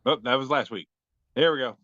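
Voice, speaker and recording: A man's voice: mid-range voice, brisk, a bit bright, no room sound. Laid-back man, dull, dry sound. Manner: laid-back, profane, self-deprecating. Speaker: podcast co-host. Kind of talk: casual chat presenting memes.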